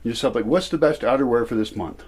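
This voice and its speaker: A man's voice: medium pitch, fast, breathy edge. A man chatting casually while he feeds dogs outdoors at night, wandering off and correcting himself as he talks. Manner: rambling, self-correcting. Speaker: vlogger feeding dogs. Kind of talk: casual vlog narration. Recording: noisy outdoor recording. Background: dogs barking and moving about.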